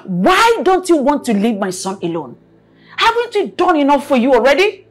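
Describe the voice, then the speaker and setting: A woman's voice: on the high side, very animated, takes it slowly, slightly rough, soft background music, heavily acted. A Nigerian woman acting a domineering wealthy mother who scolds in repeated bursts. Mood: angry. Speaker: mother of the house. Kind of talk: film drama acting.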